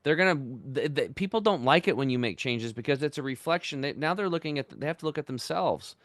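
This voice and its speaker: A man in his fifties, a podcast guest, telling his story in an energetic, animated way. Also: mid-range voice, fairly quick, no room sound. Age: 50s. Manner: energetic, animated, acts out quoted voices. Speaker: podcast guest, health entrepreneur. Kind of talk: casual storytelling interview.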